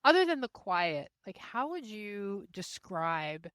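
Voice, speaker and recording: A woman hosting a podcast, chatting casually and asking curious questions with quick interjections. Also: mid-range voice, big pitch swings, fairly bright tone, dry recording. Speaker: podcast host.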